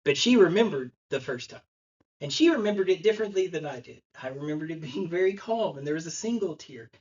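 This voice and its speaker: A man's voice: fairly high pitch, animated, fast, slightly rough, dull audio. Man preaching a conversational sermon. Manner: storytelling, conversational, acts out quotes. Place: church sanctuary.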